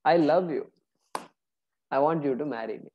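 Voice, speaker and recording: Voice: medium pitch, moderate pace, highs cut off, slight background noise, natural voice. A teacher voicing a proud celestial nymph woman while retelling a scripture story in class, first pleading and then cursing in anger. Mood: coaxing.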